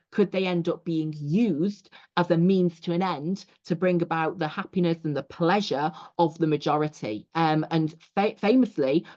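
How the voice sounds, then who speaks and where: A woman's voice: lowish voice, a little mellow. A young adult woman from England, a teacher giving a recorded lecture over slides, explaining steadily with frequent 'you know' asides. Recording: dull lo-fi audio.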